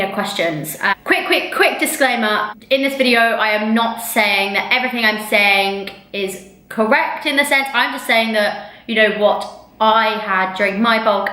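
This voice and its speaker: A woman's voice: mid-range voice, bright, forceful tone, reverberant, low-quality recording. A young woman vlogging to camera in casual chat, chatty and rambling with lots of fillers, recorded on a camera mic. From England. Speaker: fitness vlogger.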